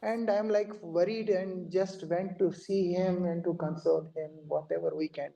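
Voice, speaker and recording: Earnest monk giving a mellow lecture. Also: male voice, sits high, fairly even intonation, normal speed, vocal fry, low-quality recording. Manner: earnest, explains scripture phrase by phrase. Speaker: monk giving a devotional talk. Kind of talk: devotional lecture.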